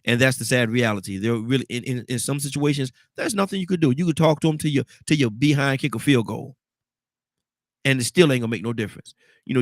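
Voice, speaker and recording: A man's voice: medium pitch, dry recording, studio quality. A man hosting a radio talk show, affirming callers and asking questions. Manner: steady affirming, prompting questions.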